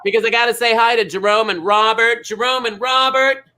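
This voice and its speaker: A man's voice: extremely high pitch, steady tone, brisk, pushed and bright, a little hiss or hum, poor audio. A man hosting a live bingo show in a sassy, teasing, exaggerated way.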